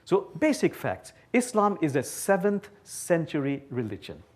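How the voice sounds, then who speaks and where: A man from Bangladesh, giving an animated, playful public lecture to a live audience. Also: on the high side, measured pace. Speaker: guest speaker. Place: talk before a live audience.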